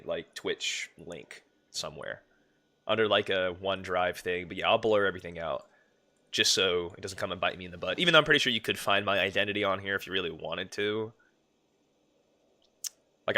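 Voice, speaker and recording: Young male streamer, low and bright, rambling casual chat. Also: lively intonation, normal speed. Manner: rambling, chatty, swears casually.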